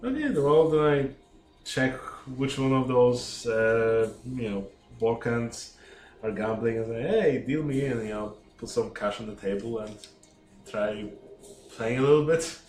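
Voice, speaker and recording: A man's voice: medium pitch, measured pace, darkish tone. A man playing in a tabletop game, casually role-playing his character with a hesitant, filler-heavy delivery, recorded in an echoey room with faint music.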